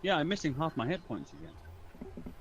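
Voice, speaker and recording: A man's voice: on the high side, wildly swooping pitch, moderate pace, dull audio, a little hiss or hum. A man playing a tabletop game, casually declaring his character's actions. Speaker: player.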